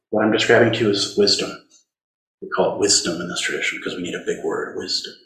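A man teaching a dharma talk in a conversational, gentle way, turning tender as he speaks to inner suffering. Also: on the low side, quick pace. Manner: gentle, conversational, tender when voicing compassion. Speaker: Zen teacher. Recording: roomy hall recording.

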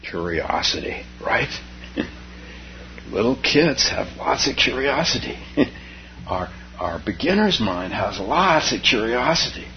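A man's voice: mid-range voice, sing-song, slow pace. An older man, a Zen teacher, giving a dharma talk full of personal stories and frequent chuckles. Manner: chuckles often while telling stories. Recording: dull lo-fi recording with faint noise.

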